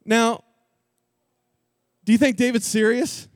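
A male preacher telling a story in an animated, jokey, slangy sermon style. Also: extremely high pitch, moderate pace, dry recording, studio quality.

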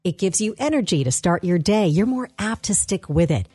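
A woman co-hosting a morning radio show, talking in a deadpan, playful way. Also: fairly low pitch, normal speed, breathy edge, no echo. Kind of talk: casual radio banter.

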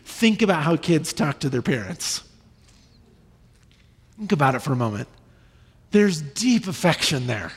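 Man, 30s, pastor, high voice, animated sermon, long hall echo. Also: measured pace, long pauses, husky. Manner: animated, acts out children's voices with sudden high bursts. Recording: long reverb in a large hall.

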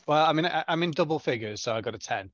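A man chatting casually as a player in a tabletop game, relaxed and talkative. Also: fairly high pitch, quick pace, no room sound. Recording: dull lo-fi sound.

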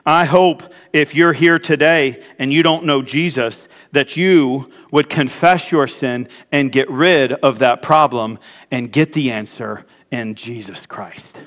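A man preaching a sermon as pastor, with pauses and frequent restarts. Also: medium pitch, fairly bright tone, big-room sound. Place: church sanctuary.

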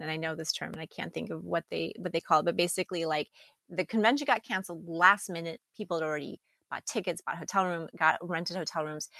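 Charlatana animada, mujer que se ríe mucho. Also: female voice, on the low side, no echo. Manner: animated, laughing, rambling. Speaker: podcast guest. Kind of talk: casual podcast chat.

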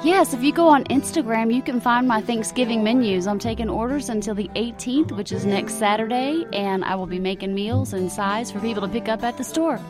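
A woman's voice: a little high, a little fast, hardly any pauses, music in the background. A woman talking as a guest on a live radio show, in a friendly, matter-of-fact way. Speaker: caterer guest.

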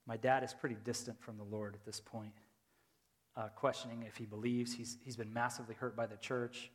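Impassioned preacher in a reverberant church. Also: male voice, mid-range voice, flat delivery, fairly quick. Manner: swings from hushed, intimate storytelling to loud, impassioned preaching; repetitive, rhetorical emphasis. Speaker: pastor. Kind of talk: sermon. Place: church sanctuary. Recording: long reverb of a large church hall.

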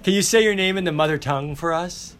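A man's voice: a little high, fast talker, a bit bright. A man teaching a class, calling roll and chatting playfully with his students in a classroom.

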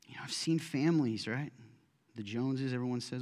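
A man's voice: medium pitch, fairly quick, darkish tone, big-room sound. A middle-aged man preaching a sermon in a church, joking and chatty at first, then building to emphatic preaching. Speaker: pastor. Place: church sanctuary.

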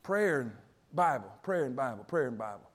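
A man's voice: mid-range voice, very animated, normal speed, husky. A male preacher, delivering a folksy sermon and repeating phrases for emphasis. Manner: storytelling, talks directly to the congregation.

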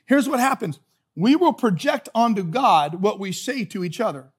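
Pastor, male, fairly high voice, earnest emphatic sermon delivery with repeated phrases. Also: expressive, moderate pace, husky. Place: church sanctuary.

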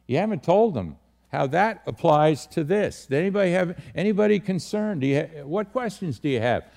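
A man's voice: fairly high pitch, lively intonation, moderate pace, vocal fry, darkish tone. A man, a pastor teaching a leadership session to a small group, direct and full of questions, repeating his key words. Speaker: pastor leading a leadership training.

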